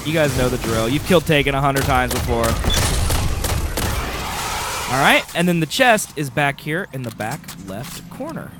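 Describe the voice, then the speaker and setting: A man's voice: mid-range voice, expressive, normal speed, pauses often, noisy background. A man giving a casual gameplay walkthrough, with wry, sarcastic asides. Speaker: game guide host.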